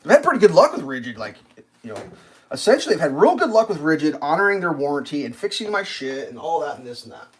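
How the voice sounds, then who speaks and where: A man's voice: on the high side, sing-song, fast, breathy edge. A man livestreaming, telling a long exasperated story about customer service, swearing freely. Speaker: live streamer. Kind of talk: casual livestream rant.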